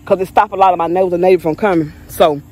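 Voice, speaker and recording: A woman's voice: lowish voice, steady tone, racing, darkish tone. A woman, a mother, chatting animatedly and in slang while vlogging outdoors on a neighborhood street, filmed on a phone by someone else. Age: adult mother. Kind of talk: casual vlog chat. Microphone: phone camera held by someone else.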